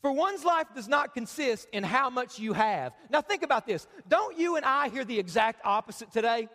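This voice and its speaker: A man with a very high voice preaches a sermon in a church auditorium. He keeps it conversational and joking, drawing the crowd in to read along. Long reverb from the hall hangs on his words. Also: very animated, normal speed, pushed and bright. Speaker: pastor.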